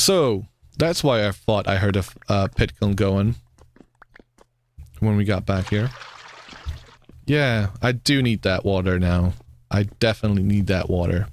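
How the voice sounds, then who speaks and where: A man's voice: fairly low pitch, unhurried, pauses often. A young man streaming a survival game, swearing at it and laughing in disbelief as things fall apart. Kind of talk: live gameplay commentary.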